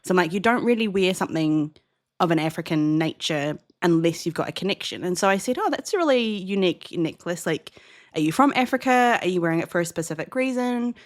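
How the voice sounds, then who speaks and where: A young woman from New Zealand with a New Zealand accent, co-hosting a podcast and telling a lively story in casual chat, jumping higher when she acts out dialogue. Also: brisk. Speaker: podcast co-host.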